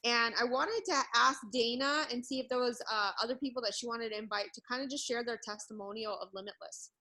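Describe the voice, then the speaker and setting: A woman in her thirties presents products on a video call in a cheerful, upbeat way, often laughing mid-sentence. Her voice is bright and ringing, pitched a little high. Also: a little fast, poor audio. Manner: upbeat, laughs between words.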